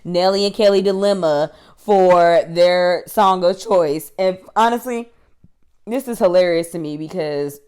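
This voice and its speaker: A woman's voice: low voice, darkish tone, clear, resonant tone. A woman recapping a TV episode for her channel in a chatty, slangy way, laughing often. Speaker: YouTube TV reviewer.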